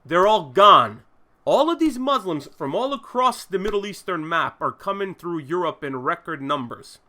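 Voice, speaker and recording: A man's voice: high voice, sing-song, normal speed, pushed and bright. A man hosting his own show, delivering an emphatic, indignant commentary rant with profanity and long strings of repeated phrases. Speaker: host. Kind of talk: ranting commentary monologue.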